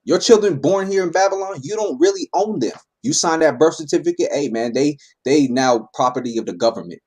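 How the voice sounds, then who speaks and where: A man leading a Bible class, reading verses and explaining them in a relaxed, conversational way. He keeps checking in with his listeners by tagging his lines with "man" and "right?". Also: on the high side, fairly quick, slightly rough. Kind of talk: informal scripture teaching.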